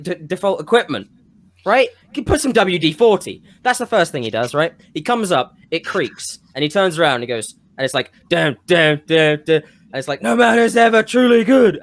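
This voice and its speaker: A man co-hosting a podcast, pitching a wrestling storyline in casual chat, rambling and losing his thread now and then. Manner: rambling, self-interrupting, with bursts of enthusiasm. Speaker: podcast co-host.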